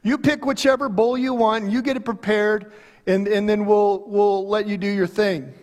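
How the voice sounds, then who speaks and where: A man voicing a bold male prophet who mocks his rivals with gleeful shouted taunts. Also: high voice, fairly even intonation, normal speed, natural voice. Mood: confident. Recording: long hall reverb.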